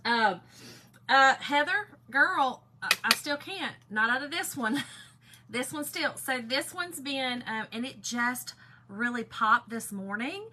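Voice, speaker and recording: A woman hosting a casual craft livestream, chatting excitedly and greeting viewers by name. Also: high voice, slow pace, noisy background. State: one ear still muffled. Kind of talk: casual live-stream chat.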